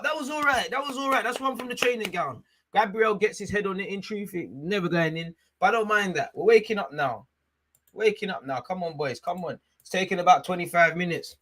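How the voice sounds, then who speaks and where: A young man calls a football match live for fellow fans. His voice sits a bit high and has a sharp, forceful edge. He swings between loud outbursts aimed at the referee and quiet, nervous muttering. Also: a little fast. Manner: excitable, shouts at the ref, drops to mutters. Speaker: fan watchalong host. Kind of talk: live football watchalong commentary.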